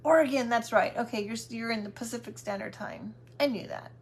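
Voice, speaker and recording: Woman, craft host, high voice, chatty, affectionate, casual livestream talk. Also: brisk.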